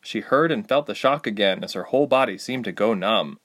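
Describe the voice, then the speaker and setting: Animated male audiobook narrator. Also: fairly low pitch, brisk.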